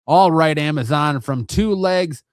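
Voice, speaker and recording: A man's voice: on the high side, unhurried, smooth, no room sound, studio quality, lightly acted. A man voicing a proud, mocking male centaur warrior, reading his lines in a theatrical, taunting way. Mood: menacing.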